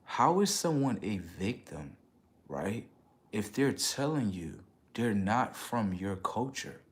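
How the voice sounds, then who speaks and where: A man on a casual livestream, rambling in slangy street talk and checking in with his viewers, getting loud and high when worked up. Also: very animated, slow pace. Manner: rambling, repeats "okay" and "right" to the audience. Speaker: livestream host.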